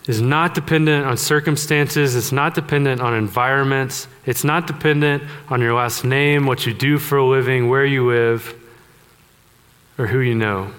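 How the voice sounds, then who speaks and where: A man's voice: mid-range voice, steady tone, normal speed, a bit bright, smooth. A man preaching a sermon, conversational and joking with the congregation. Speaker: pastor. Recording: long hall reverb.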